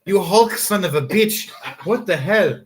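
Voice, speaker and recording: A man's voice: high-pitched, lively intonation, a little slow, a little hiss or hum, pitched above the performer's own voice. A man voicing a crude, blunt male adventurer who swears in amazed disbelief. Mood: incredulous. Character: gruff male party member, crude and blunt.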